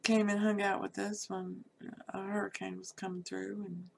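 A middle-aged woman with a drawl casually tells her life story, unscripted and relaxed, at normal speed. Her mid-pitched voice has a gravelly rasp. She's blunt, candid and salty, with frequent fillers and laughs over slight background noise.

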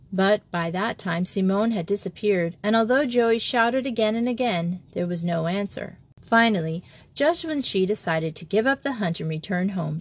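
A woman reads a storybook aloud in an unhurried, measured manner. Her pitch sits mid-range for a woman, and she takes each phrase slowly. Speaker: audiobook narrator. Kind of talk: scripted narration.

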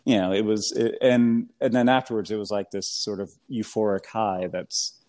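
Chatty low-voiced American man. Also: normal speed. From New England, US. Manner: rambling, animated, heavy fillers, laughs often. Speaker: guest. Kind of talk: casual storytelling chat.

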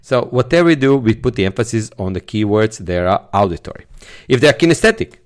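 A man's voice: lowish voice, animated, a little fast. A man hosting a solo podcast, teaching sales techniques and stressing key words in his examples. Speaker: podcast host, sales trainer.

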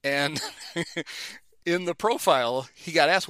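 A man's voice: a little high, takes it slowly, clean tone, dry recording. A middle-aged man telling baseball-era anecdotes in casual chat, acting out the people he quotes. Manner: animated anecdotes, acts out quotes. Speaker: guest telling stories.

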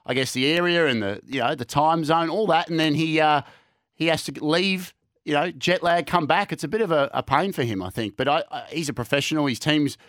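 An Australian man with a slightly higher voice chats loosely about fights, circling back and restarting his sentences. The sound is dry and close, with no room around it. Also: fairly quick, a bit bright, no echo. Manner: chatty, rambling with many restarts and fillers. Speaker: sports podcast co-host. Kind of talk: casual sports chat.

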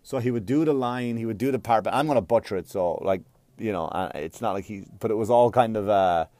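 Man, stand-up comic, profane, rambling, sudden loud jabs, dry sound. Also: lowish voice, a little fast, dry recording. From Ireland. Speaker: stand-up comedian. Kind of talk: stand-up routine.

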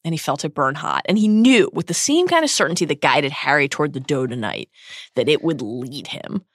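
A woman's voice: sits low, brisk, no echo, clean studio sound. A woman co-hosting a podcast, casually retelling a book's plot and dramatizing the quotes. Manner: animated storyteller, dramatizes quotes. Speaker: podcast co-host.

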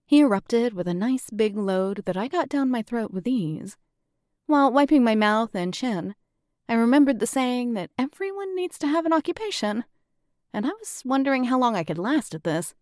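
A woman narrating a first-person audiobook in a steady, matter-of-fact way. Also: a little high, no echo, studio quality.

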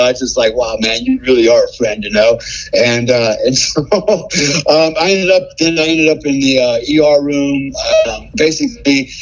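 Laughing man telling a story, lo-fi. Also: medium pitch. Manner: laughs often, peppers talk with "man" and "right?". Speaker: podcast guest. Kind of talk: casual storytelling.

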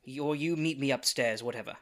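A man playing his character in a tabletop game, who moves between heated outbursts and quiet, sincere speech. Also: medium pitch, a little fast. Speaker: player.

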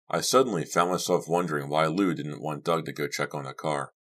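A man with a very deep, low voice narrates an audiobook. His reading is steady and measured, scripted throughout.

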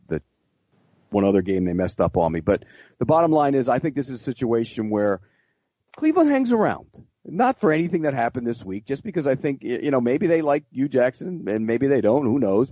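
A man giving blunt, halting picks as a sportswriter in casual podcast chat. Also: mid-range voice, warm tone, dry recording. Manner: blunt, halting, restarts often. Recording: dry dull lo-fi podcast audio.

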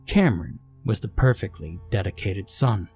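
A man narrating a horror story in a measured storytelling manner. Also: on the low side, animated, a little mellow, slightly rough, no room sound. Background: faint music.

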